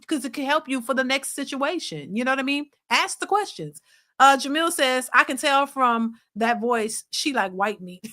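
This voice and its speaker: Chatty woman reacting to a clip. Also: sits high. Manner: chatty, animated, reads out viewer comments, laughs often. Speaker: reaction channel host. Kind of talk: casual commentary reacting to a clip.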